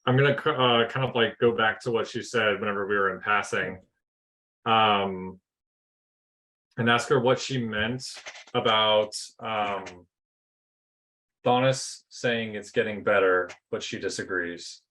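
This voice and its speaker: A man's voice: lowish voice, unhurried, sharp tone, poor audio. A man playing a tabletop game, explaining his moves in a rambling way with many fillers. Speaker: player. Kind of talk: casual tabletop play.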